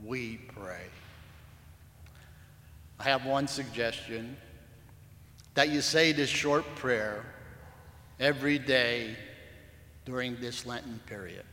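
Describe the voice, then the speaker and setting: Male preacher, slow and bright, echoey church hall with long reverb. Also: medium pitch. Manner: slow, measured, earnest. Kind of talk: sermon with story reading.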